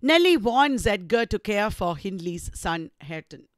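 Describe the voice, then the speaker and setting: A woman with an Indian English accent giving a recorded literature lecture, retelling the story slowly and deliberately. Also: mid-range voice, sing-song, dry recording.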